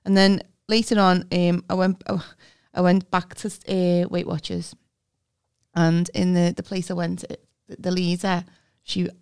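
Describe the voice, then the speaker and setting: A middle-aged woman with a Scouse accent, co-hosting a casual comedic chat and telling stories with lively impressions. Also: lowish voice, measured pace, clean tone. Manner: storytelling, mimics people, swears. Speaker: podcast co-host.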